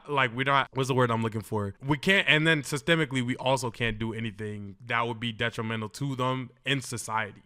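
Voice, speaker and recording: A man streaming and reacting to clips, thinking out loud and searching for words as he argues his point. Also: mid-range voice, clean tone. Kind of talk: casual reaction commentary.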